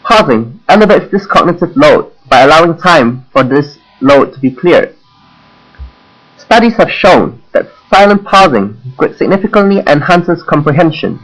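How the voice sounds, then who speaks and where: A young man with a Hong Kong English accent presents to his class from a script. He speaks in a slightly raised register, measured and demonstrative, and leaves deliberate pauses between points. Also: on the high side, expressive, a bit bright, poor audio. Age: young adult. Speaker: university student presenter.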